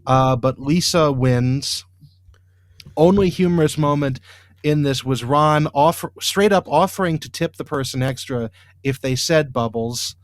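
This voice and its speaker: Man, slightly high voice, exasperated rambling recap, dry close sound. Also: normal speed, no room sound. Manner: exasperated, rambling, many fillers. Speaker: podcast co-host. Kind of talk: casual recap chat.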